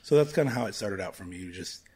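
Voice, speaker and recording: A man in his thirties, a guest on a casual podcast chat, swearing freely and telling animated stories. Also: sits low, fast talker, slight background noise. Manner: profane, animated storyteller who mimics people.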